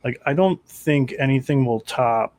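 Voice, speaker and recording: A man's voice: mid-range voice, unhurried, darkish tone. A man co-hosting a casual sports podcast, telling stories and teasing his friends in an easygoing way. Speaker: podcast co-host.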